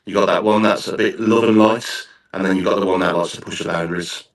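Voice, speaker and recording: A man's voice: low-pitched, fairly even intonation, fast, reverberant, far from the mic. A man with a Black Country accent hosting a podcast, chatting casually and thinking aloud in rambling, restarting sentences. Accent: Black Country English. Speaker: podcast host. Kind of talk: casual interview chat.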